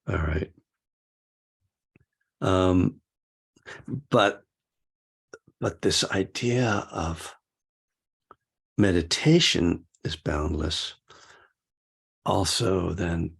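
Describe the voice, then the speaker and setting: A man in his sixties giving a dharma talk as a meditation teacher, halting and searching for words with many fillers and soft chuckles. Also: deep voice, vocal fry, husky.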